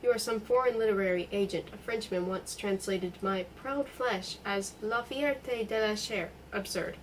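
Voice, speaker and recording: A woman's voice: medium pitch, moderate pace, far from the mic, slight background noise, lightly acted, rough recording. A woman reading a cold, vengeful man. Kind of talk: reading a novel aloud.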